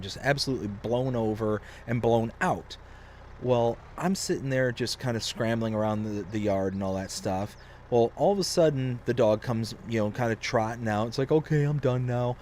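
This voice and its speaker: A young man casually telling a long story on a game live stream, rambling and animated, with lots of fillers. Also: mid-range voice, a little hiss or hum.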